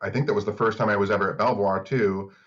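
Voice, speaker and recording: Guy podcast cohost, lowish voice, laid back, kinda dull lo-fi mic. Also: fairly even intonation, fast, a bit bright. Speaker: podcast co-host. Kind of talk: casual chat.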